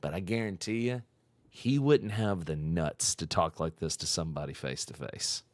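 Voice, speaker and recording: A man's voice: sits low, moderate pace, no echo. A man streaming a live reaction, mocking a clip with profane, repetitive commentary. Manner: mocking, profane, repeats phrases for emphasis.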